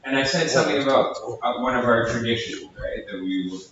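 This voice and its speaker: A man's voice: mid-range voice, brisk, noisy background. Man, casual storyteller, swears freely, acts out quotes, echoey distant lo-fi recording. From Canada. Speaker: comedian guest. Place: live comedy venue. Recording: echoey, distant, dull lo-fi sound.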